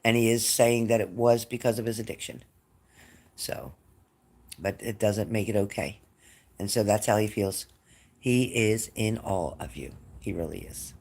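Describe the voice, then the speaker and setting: A man's voice: fairly low pitch, unhurried, a little mellow. A man doing psychic readings on a live stream, speaking straight to his viewers by name and growing emotional as he talks. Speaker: psychic reader.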